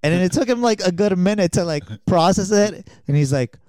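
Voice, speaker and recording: A man's voice: high-pitched, expressive, fairly quick, a little mellow, no echo, clean studio sound. A man recounting a night out with friends in casual chat, full of "like" and "um" and chuckling. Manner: rambling with many fillers, laughs at his own story. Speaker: friend telling stories.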